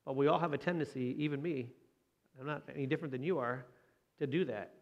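A man's voice: medium pitch, quick pace, lo-fi sound. Man preaching a chatty sermon. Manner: conversational, tag questions to the congregation. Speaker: pastor.

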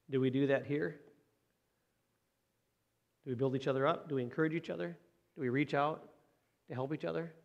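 Man preaching a chatty sermon. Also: mid-range voice. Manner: conversational, tag questions to the congregation. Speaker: pastor.

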